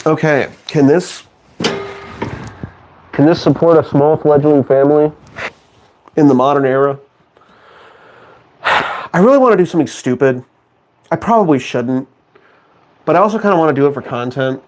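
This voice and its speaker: A man chats with his stream from a home studio, his voice sitting a little high and swinging widely in pitch. He jokes at his viewers with mock outrage and pokes fun at himself as he rambles along. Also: animated, unhurried, long pauses. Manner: sarcastic, mock-outraged banter with chat; rambling, self-mocking. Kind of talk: casual live-stream chat.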